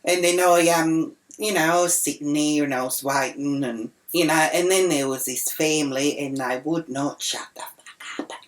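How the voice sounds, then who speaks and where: A woman's voice: low voice, normal speed. A woman with an Australian accent telling a crude, rambling comic story in a brash, foul-mouthed manner. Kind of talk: comic rant monologue.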